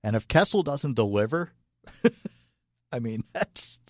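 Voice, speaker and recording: An easygoing man co-hosts a casual hockey chat, laughing often and padding his points with fillers. His voice sits at a medium pitch for a man. The sound is close and dry, with no room around it. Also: expressive, slow pace, dry recording. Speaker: podcast co-host.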